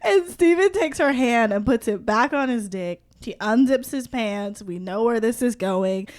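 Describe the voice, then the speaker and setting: Woman co-host for a book-club podcast, high and bouncy voice, unhurried, quick to laugh. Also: animated, darkish tone. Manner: laughs often, reads passages aloud with relish. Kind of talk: casual book-club chat.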